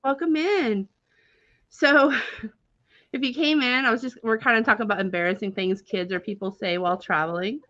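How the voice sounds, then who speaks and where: A woman's voice: on the high side, moderate pace, no echo. Chatty woman hosting a live stream. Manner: animated, chatty, with many filler words and frequent laughter. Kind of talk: casual storytelling on a live stream. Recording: dull, dry, lo-fi stream audio.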